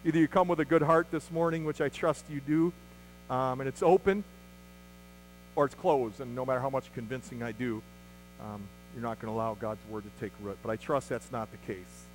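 A man's voice: medium pitch, fairly quick, slight background noise, rough recording. A man preaching an Easter sermon as pastor, earnest, with rhetorical questions and acted-out quotes.

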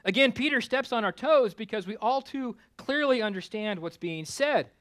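A male pastor preaching a conversational sermon with self-deprecating humor, climbing louder for emphasis and dropping low for asides. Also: expressive, normal speed. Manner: rises in pitch and volume for emphasis, drops low for asides.

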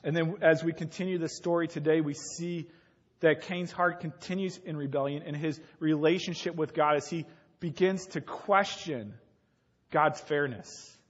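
A man's voice: on the high side, moderate pace, lo-fi sound. A man preaching a sermon in a conversational way, using homely examples and speaking to the kids in the congregation. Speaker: pastor.

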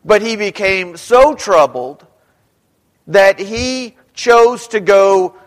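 A man's voice: sits high, animated, drawn-out words. A man preaching a sermon, reading scripture aloud and asking his congregation questions as he explains it. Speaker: pastor. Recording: long hall reverb.

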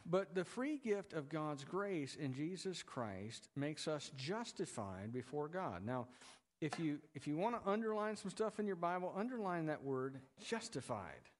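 A pastor preaching to his congregation in a loose, conversational way, tossing in jokes as he goes. His voice sits a little high for a man. The sound carries a long reverb from a church sanctuary. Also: very animated, measured pace. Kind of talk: sermon.

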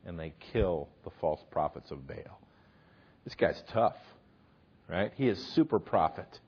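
Husky-voiced man preaching a sermon. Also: mid-range voice, moderate pace, dull audio. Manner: animated, emphatic retelling with sudden loud punches. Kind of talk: sermon storytelling.

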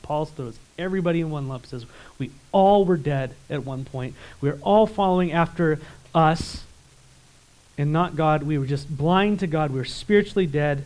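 A male pastor preaches an emphatic sermon, swinging between loud urgency and quiet intensity and putting rhetorical questions to the congregation. His voice is a little high and moderately paced, on a low-quality recording.

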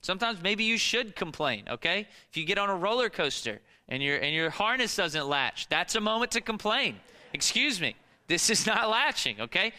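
A man's voice: high voice, very animated, fairly quick, few pauses, pushed and bright, big-room sound. A man preaching a sermon as pastor, emphatic and asking the congregation rhetorical questions. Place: church.

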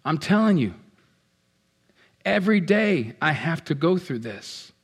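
A man delivering a sermon in an animated, playful way. His voice sits fairly high and swings from loud punchy lines to quiet, hushed asides as he acts out what people feel. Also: unhurried, vocal fry, breathy edge. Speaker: pastor.

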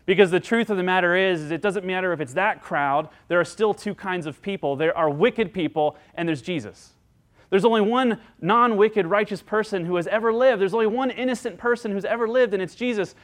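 Man, pastor, sermon, earnest, slightly high voice, acts out quotes. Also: brisk. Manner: earnest, acts out quoted lines with rising pitch and volume.

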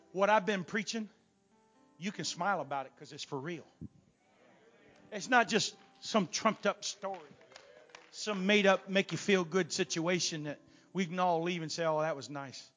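A man preaching a revival sermon as a guest preacher in a church. He swings from loud shouting peaks down to quiet asides. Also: fairly high pitch, normal speed, long pauses, soft background music. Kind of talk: Pentecostal sermon. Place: church sanctuary.

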